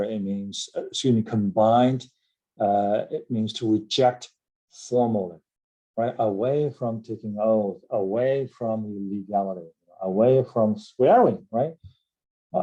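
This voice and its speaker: A middle-aged man teaching vocabulary in an unhurried, measured way, with a low, mellow voice. He explains word roots and spells each word out letter by letter. He keeps checking in with "right?" and fills his pauses with "uh". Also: highs cut off. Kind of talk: recorded vocabulary lesson.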